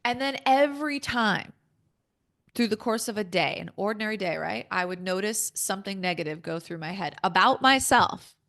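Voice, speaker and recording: A woman's voice: medium pitch, expressive, moderate pace, a bit bright. A woman speaking as a podcast guest, candid and emphatic, acting out her own inner dialogue as she talks.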